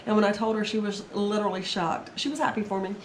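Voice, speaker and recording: A woman's voice: mid-range voice, fast talker, a little hiss or hum. A woman casually talking through her resale haul, chatty and rambling, her voice a little strained from being sick. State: recovering from illness, voice strained. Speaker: reseller vlogger. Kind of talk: casual haul video talk. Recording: echoey room, faint ambience.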